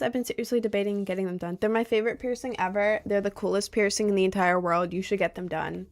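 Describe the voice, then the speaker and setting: Young woman, streamer, casual rambling chat, lots of fillers, mid-pitched voice, faint background music. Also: quick pace. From United States. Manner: rambling, filler-heavy storytelling with lively outbursts. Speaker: live streamer. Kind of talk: casual chat, reading viewer comments. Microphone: desk mic, sometimes leaning close.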